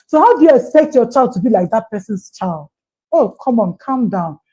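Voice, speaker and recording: A woman's voice: on the high side, animated, a little fast, dark tone, husky, low-quality recording. A woman with a Nigerian accent speaking on a parenting livestream panel, earnest and repeating her words with coaxing asides. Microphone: remote call.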